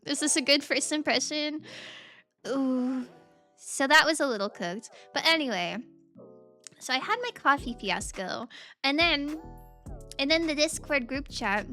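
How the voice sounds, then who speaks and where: Bright high-voiced giggly young woman. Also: moderate pace, faint music behind. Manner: rambling, animated, giggly, restarts sentences. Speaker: VTuber streamer. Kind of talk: casual storytelling recap.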